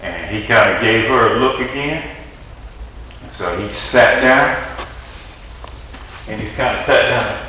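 A man's voice: fairly low pitch, measured pace, pauses often, bright, forceful tone. A man preaching conversationally, telling a story and acting out the quotes. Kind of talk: storytelling sermon. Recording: echoey hall from far off, faint noise.

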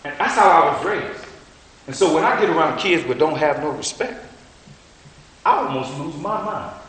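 Animated preacher man in an echoey hall. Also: a little high, moderate pace. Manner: storytelling, animated, colloquial. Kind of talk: sermon.

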